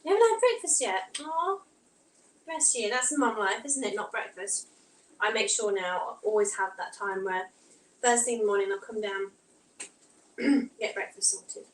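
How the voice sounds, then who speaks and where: Mum rambling on while doing housework, throat a bit tight, voice bounces around the kitchen from across the room. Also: female voice, medium pitch, unhurried, pauses often, echoey room, distant mic, a little hiss or hum, poor audio. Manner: chatty, rambling, reads out live comments. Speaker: vlogger. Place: home kitchen.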